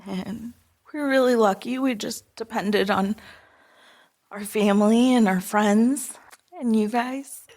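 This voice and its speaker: A woman guest on a podcast, telling family stories in an unhurried, gentle way with soft laughter between thoughts. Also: on the high side. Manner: unhurried, often laughing softly while remembering. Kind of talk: casual interview storytelling.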